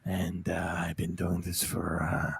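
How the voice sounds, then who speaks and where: A man doing a boastful martial arts action star with a low, gravelly, near-whispered mumble. He drags every phrase out with long hesitations and sounds like he is speaking into a video call mic. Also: monotone, no echo, heavily acted. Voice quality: low hushed murmur, drawn-out uh's.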